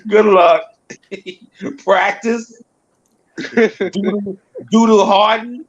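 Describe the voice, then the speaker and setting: A man on a casual sports panel who chuckles a lot and gives quick, short agreements. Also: high-pitched, fairly even intonation, muffled recording.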